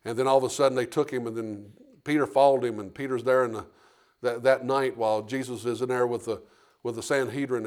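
A man preaching a sermon to a church congregation. He asks rhetorical questions, acts out the dialogue of the story and repeats words as he builds his points. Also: mid-range voice. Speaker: pastor. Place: church sanctuary.

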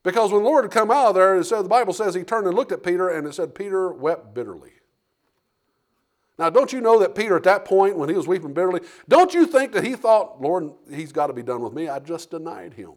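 A male pastor delivers a sermon, his voice sitting a little higher than most men's. He keeps asking the congregation questions and acts out the people in the story, often repeating words as he builds his point. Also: animated, fast talker. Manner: rhetorical questions, acted-out dialogue, repeats words. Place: church sanctuary.

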